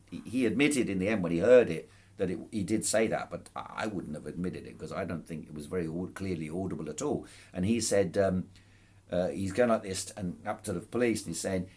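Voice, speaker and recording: A man casually recounting events to camera, amused and chuckling, with frequent restarts and false starts. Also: deep voice. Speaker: protester recounting a court case. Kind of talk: casual spoken account to camera.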